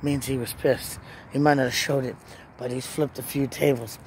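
A woman speaks by a truck outdoors, sharing a personal Christian testimony. Her delivery is earnest and emotional, building into pressing questions aimed at the listener. Traffic and outdoor noise run clearly underneath her voice. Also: a bass voice, fairly even intonation, normal speed, a little mellow. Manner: emotional, earnest, rising into urgent rhetorical questions. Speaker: Christian vlogger. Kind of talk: personal faith testimony and preaching. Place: in or beside a parked truck outdoors.

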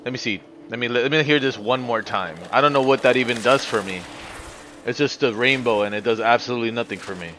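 A man's voice: mid-range voice, quick pace, bright, forceful tone, a little hiss or hum. Profane ranting man streaming a game. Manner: profane, ranting, talks to chat. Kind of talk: live gameplay commentary.

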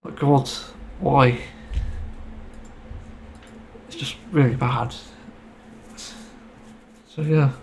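A man's voice: mid-range voice, steady tone, very slow, long pauses, darkish tone, a little hiss or hum, low-quality recording. A man giving a casual, rambling opinion monologue about a game, getting frustrated and swearing casually. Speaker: gaming video creator.

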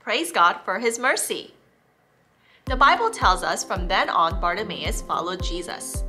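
Bright, expressive woman telling a Bible story. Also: mid-range voice, a little slow, soft background music. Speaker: children's church teacher. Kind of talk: children's Bible story reading.

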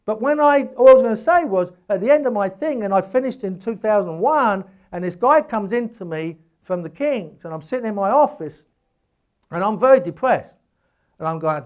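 Guy lecturing, animated storyteller, punchy emphasis, lots of restarts and asides. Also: high voice, normal speed. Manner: speaks in bursts with many restarts and asides. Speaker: guest lecturer. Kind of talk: public lecture with anecdotes.

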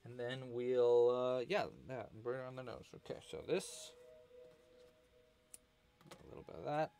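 A man hosting a casual crochet livestream, talking quietly to himself as he works and chatting with viewers, with faint music behind. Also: medium pitch, a little slow. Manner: relaxed, murmurs to himself while working, chatty with viewers.

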